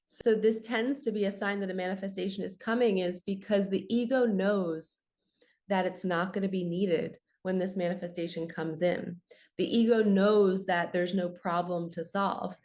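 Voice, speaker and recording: A woman's voice: mid-range voice, fairly even intonation, moderate pace, a little mellow. A young adult woman, a spiritual coach, giving an earnest, chatty solo talk to her viewers. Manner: earnest, chatty, uses "you guys" and "like". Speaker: spiritual coach and channel host.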